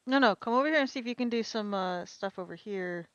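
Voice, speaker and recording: A woman streaming a farming game with a friend, playful and full of quick questions. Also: medium pitch, smooth, dry recording. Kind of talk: casual co-op gameplay chat. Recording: dry, dull lo-fi mic.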